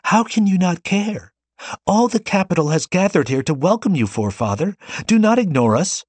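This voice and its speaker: A man voicing an innocent, childlike virtual girl who is the leader, high and tearful. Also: big pitch swings, moderate pace, darkish tone, no room sound. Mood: pleading.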